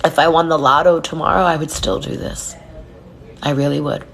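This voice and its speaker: A woman speaking earnestly and from the heart to her online followers during a live reading, sometimes slowing into soft, hushed phrases. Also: sits low, fairly even intonation, gravelly. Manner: earnest and heartfelt, speaks softly and slowly at times. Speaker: spiritual reader and numerologist. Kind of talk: live-stream talk to followers.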